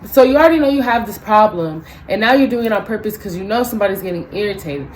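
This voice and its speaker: A young woman tells a story in a ranting vlog, swearing freely and acting out both sides of the exchange in lively bursts. Her voice sits at an ordinary middle pitch for a woman. A faint hiss of background noise runs under the recording. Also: fast talker, low-quality recording. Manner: animated, profane, acts out both sides of the story. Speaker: vlogger.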